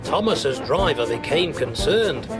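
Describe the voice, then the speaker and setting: A man narrating a children's storybook tale in a steady storytelling manner. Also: on the high side, unhurried. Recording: loud background music.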